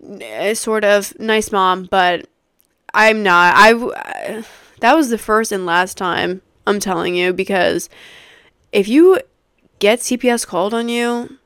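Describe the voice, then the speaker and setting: A woman in her twenties hosting a podcast, telling a story in a casual, animated way, swearing freely and using many fillers. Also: mid-range voice, unhurried, clear, resonant tone, dry recording, clean studio sound. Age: 20s. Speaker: podcast host.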